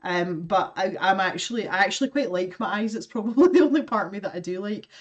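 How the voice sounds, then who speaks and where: A woman's voice: mid-range voice, lively intonation, fast, distant mic. Chatty woman, a little off-mic. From Scotland. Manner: chatty, self-deprecating, laughs often, reads viewer comments aloud. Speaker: artist livestreaming her drawing. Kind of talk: casual livestream chat while drawing.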